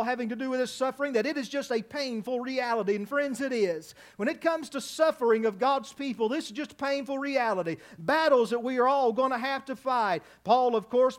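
A man preaching an evening sermon in a church, his delivery rising to loud, emphatic cries. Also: extremely high pitch. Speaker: pastor.

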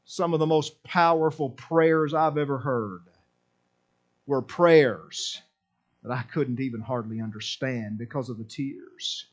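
A man preaching a sermon with passion, swinging between loud exclamations and low, quiet asides in a repetitive, emphatic cadence. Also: measured pace, lo-fi sound.

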